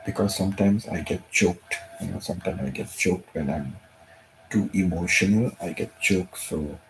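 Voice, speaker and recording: Male host, deep and gravelly, hushed and heartfelt, home live stream with faint background hiss. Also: moderate pace, low-quality recording. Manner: soft-spoken, repeats himself, emotional. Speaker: channel host.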